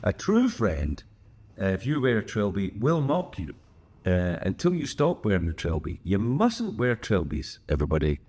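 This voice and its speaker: A man's voice: low voice, wildly swooping pitch, moderate pace, darkish tone, breathy edge. An older man with a Scottish accent, hosting a casual solo chat in a hotel room, rambling and joking with lots of asides and restarts. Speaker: host.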